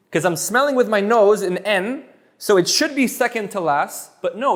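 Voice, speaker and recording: A high-pitched man who grew up speaking French teaches Spanish one-on-one. He talks in an animated, playful way, often repeating words and tossing in jokes. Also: moderate pace. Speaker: Spanish tutor. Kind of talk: energetic one-on-one language lesson.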